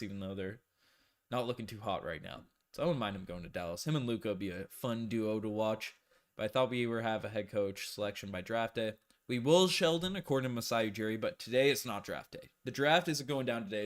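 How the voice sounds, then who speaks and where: A young man hosts a live stream in loose, hyped chat. He jokes around and answers viewers' messages as they come in, and his voice sits in a middle pitch.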